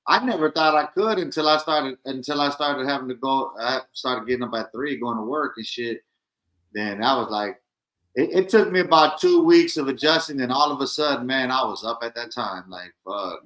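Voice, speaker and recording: A man's voice: medium pitch, moderate pace, fairly bright tone, poor audio. A man in his late forties co-hosting a casual chat, speaking in a laid-back, streetwise, profane way. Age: 40s. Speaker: podcast co-host.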